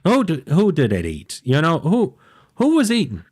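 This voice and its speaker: A man's voice: on the high side, huge pitch swings, normal speed, darkish tone, breathy edge, pitched above the performer's own voice, heavily acted. A man voicing a panicky, paranoid male gnome king who talks in frantic, insistent bursts.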